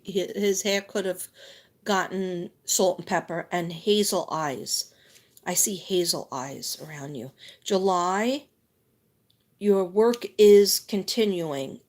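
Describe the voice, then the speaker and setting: Woman rambling through a live tarot reading, lots of ums, medium-pitched voice. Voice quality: chatty, rambling with many fillers. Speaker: psychic tarot reader.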